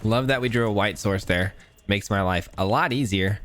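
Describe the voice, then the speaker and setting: A man's voice: on the low side, normal speed. A male gaming host with a stuffy nose, giving casual, chatty commentary while he plays and thinks aloud. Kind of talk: gameplay commentary.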